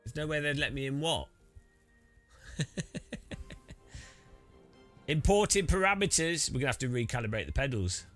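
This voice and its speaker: A man's voice: medium pitch, very animated, fast talker, few pauses, a bit bright, soft background music. A British man chatting casually while setting up racing gear, rambling with many restarts. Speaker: sim racing streamer.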